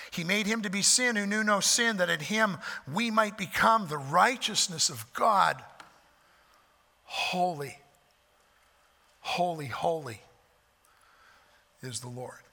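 A man preaching in a high, gravelly voice with a bright, forceful edge. He is earnest and repeats key lines for weight. His words ring out with a long reverb, as in a large church sanctuary. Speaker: pastor. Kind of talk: sermon.

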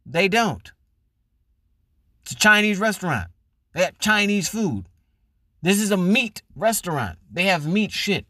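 A man's voice: on the high side, lively intonation, moderate pace, no echo, clean studio sound. A man hosting a podcast, delivering a profane, mocking comedic rant and acting out the people he mocks. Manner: loud, profane, mocking, acts out voices. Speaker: podcast host.

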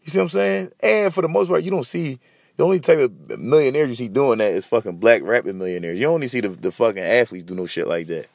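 A man's voice: mid-range voice, quick pace, creaky, dry recording, studio quality. A man hosting a podcast in a heated, profane, repetitive rant. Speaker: podcast host.

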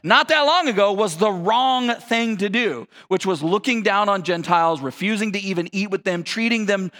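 Pastor, male, high voice, relaxed slangy sermon delivery. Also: normal speed, big-room sound. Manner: casual, conversational, slangy preaching.

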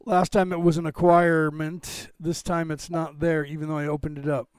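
Higher-pitched man rambling on a livestream. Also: little pitch movement, normal speed, clear, resonant tone, no room sound, studio quality. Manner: rambling, self-interrupting while fixing tech. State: clearing throat, phlegmy. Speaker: livestream host. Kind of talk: casual livestream chat.

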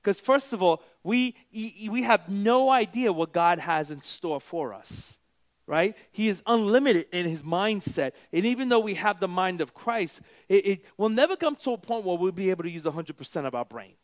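A middle-aged man preaching a sermon as a pastor, swinging between loud emphatic lines and quiet asides. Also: high-pitched, expressive, normal speed.

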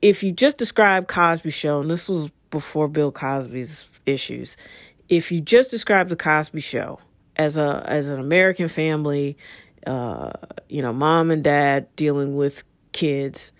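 Brief: woman in her fifties, solo podcast host, lower voice, dry close sound, candid and rambling. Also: unhurried, no room sound. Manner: candid, rambling, frequent fillers and asides. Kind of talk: casual solo podcast monologue.

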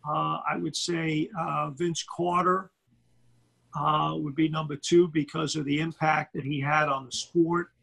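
A middle-aged basketball commentator with a Brooklyn accent, chatting animatedly in an interview and tripping over repeated words. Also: male voice, a little high, level tone, a little slow, vocal fry, a bit bright, poor audio. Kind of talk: casual interview chat.

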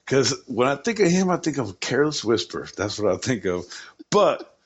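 A man co-hosting a podcast rambles through crude, profane jokes in casual chat. His voice sits at an ordinary middle pitch. The recording sounds a little dull and lo-fi. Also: big pitch swings, moderate pace, slightly rough. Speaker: podcast co-host.

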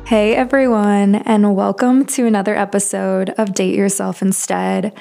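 A woman's voice: medium pitch, little pitch movement, moderate pace, creaky, warm tone, soft background music. A woman hosting a self-help podcast in a casual, earnest, slightly scattered way, tired and jet-lagged and losing her voice, recorded in a studio. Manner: chatty, earnest, a bit scattered. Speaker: podcast host.

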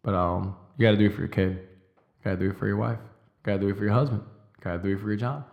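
A young man with a fairly low voice delivers a fired-up motivational monologue. He swears freely and slows right down to hammer home each declaration. He speaks in the intense, emphatic manner of a podcast host. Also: steady tone, creaky, highs cut off. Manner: intense, emphatic, profane, with slow stressed declarations.

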